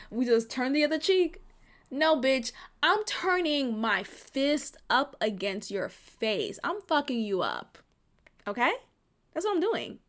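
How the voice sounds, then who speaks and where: Woman, high voice, podcast host, impassioned profane commentary. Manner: fiery, profane, swings from weary to shouting.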